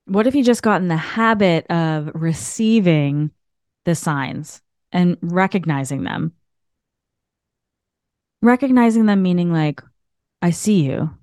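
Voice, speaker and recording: Woman from Canada, chatty animated host, slightly low voice, dry close sound. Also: unhurried, long pauses, dry recording. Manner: animated, chatty, many filler likes. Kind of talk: spiritual storytelling monologue.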